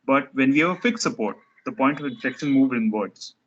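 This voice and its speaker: A man's voice: mid-range voice, animated, a little fast, muffled recording. A man teaching a structures lecture, explaining step by step while he sketches diagrams, often restarting his sentences.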